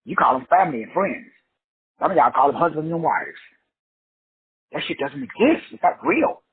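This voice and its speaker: Husky high-pitched man preaching on tinny audio. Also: expressive, brisk. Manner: preachy, blunt and profane, addresses listeners directly. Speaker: host of a self-help show. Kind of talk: animated motivational monologue. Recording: tinny phone-like dry audio.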